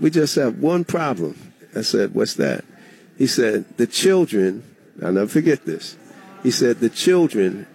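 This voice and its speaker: A man's voice: fairly low pitch, vocal fry, husky. A middle-aged man, a former state legislator, telling a story as a guest in a radio interview. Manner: animated storyteller, acts out quoted dialogue.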